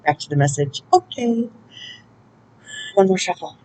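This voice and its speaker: A woman's voice: low voice, unhurried, low-quality recording. Chatty woman doing an oracle reading. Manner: chatty, laughs often, talks to angels aloud. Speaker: intuitive oracle card reader. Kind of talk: casual spiritual channeling and oracle reading.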